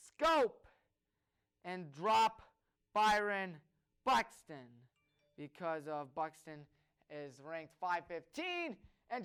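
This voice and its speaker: A man's voice: high-pitched, a bit bright, clear, resonant tone. A man hosting a solo sports talk show, eagerly listing names with frequent fillers. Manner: enthusiastic, rattles off lists of names with fillers. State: out of breath.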